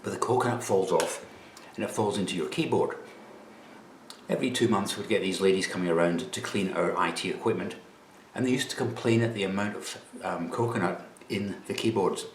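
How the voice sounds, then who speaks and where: A man's voice: low-pitched, a little fast, reverberant, slight background noise. A Scottish man chatting casually on camera about snacks while tasting them, with a dry, chatty manner. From Scotland. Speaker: vlogger presenting snacks.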